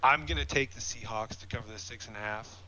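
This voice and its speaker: A man's voice: medium pitch, fast, sharp tone, rough recording. A man giving casual sports opinions, emphatic and sometimes sarcastic. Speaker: guest, sports analyst.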